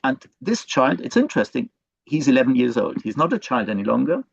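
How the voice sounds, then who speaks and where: A man's voice: medium pitch, sing-song, brisk, gravelly, husky, dry recording. A male professor giving an online lecture, hesitant, with many fillers and restarts. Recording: dull, dry lo-fi recording.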